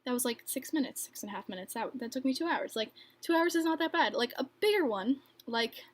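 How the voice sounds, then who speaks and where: A woman's voice: on the high side, lively intonation, brisk. A young woman hosting a casual livestream, reading viewer questions and answering in a chatty, filler-heavy way with frequent laughs. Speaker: livestream host and bracelet maker.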